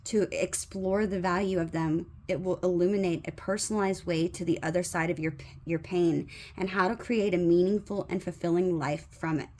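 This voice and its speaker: A woman doing a tarot reading, reading the card's guidance aloud in a slow, measured way with soft fillers now and then. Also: lowish voice, fairly even intonation. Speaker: tarot reader.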